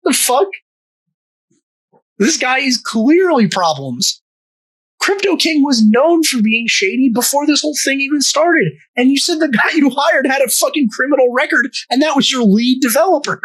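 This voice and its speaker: A young man co-hosting a podcast, cursing a lot, laughing and riffing quickly in casual comedic chat. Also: very high voice, fairly bright tone, rough recording. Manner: sweary, laughing, rapid riffing. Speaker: podcast co-host.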